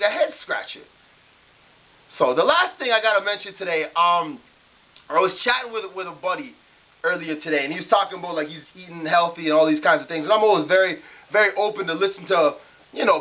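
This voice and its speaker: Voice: medium pitch, sharp tone. A vlogger ranting casually and in disbelief, acting out their own past remarks in quotes. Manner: exasperated, incredulous ranting. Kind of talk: casual ranting vlog monologue.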